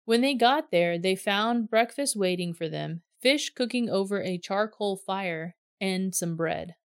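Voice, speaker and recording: Woman reader, measured scripted narration, dry close recording, mid pitch. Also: lively intonation, clean tone, dry recording.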